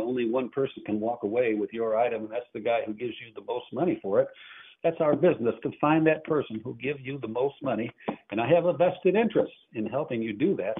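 A man's voice: medium pitch, a little hiss or hum. A man hosting a call-in radio show as an antique auctioneer, chatting in a rambling, self-interrupting way. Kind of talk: casual call-in radio talk. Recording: tinny phone-like radio audio.

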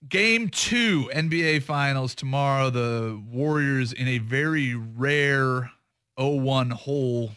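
A man's voice: medium pitch, sharp tone, clean tone, dry recording. Male sports radio host, mid voice, joking and easygoing, close dry studio mic. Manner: joking, loose, quick to laugh at himself. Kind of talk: casual sports radio banter. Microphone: studio microphone.

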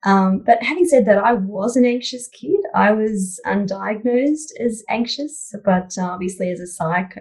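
Female psychologist guest, relaxed interview talk, mid-pitched, thinks aloud with fillers. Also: a little slow, few pauses, poor audio. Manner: thoughtful, frequent "you know" fillers, warm laughs. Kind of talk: conversational interview answers.

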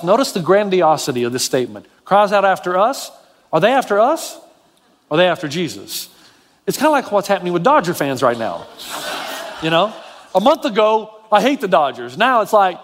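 A pastor delivering a sermon in a high, light voice. He preaches with animation, dropping low and quiet, then rising high to drive a point home. His voice carries a long reverb, as if from a large hall. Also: very animated, moderate pace, long pauses.

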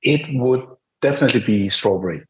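A middle-aged man with a Danish accent, a guest on a podcast, speaking in a friendly, hesitant way full of pauses. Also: mid-range voice, expressive, poor audio. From Denmark. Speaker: podcast guest, product director. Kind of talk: casual interview talk.

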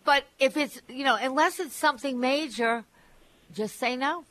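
A woman's voice: sits high, normal speed, a bit bright. A middle-aged or older woman hosting a call-in real estate radio show, giving blunt, emphatic advice with many restarts.

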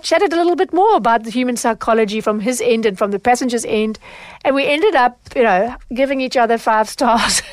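A woman's voice: on the high side, no room sound. A middle-aged woman hosting a solo podcast about consumer matters, telling a story and acting out what people said. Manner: animated when retelling, acts out quoted lines. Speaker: podcast host, consumer advocate.

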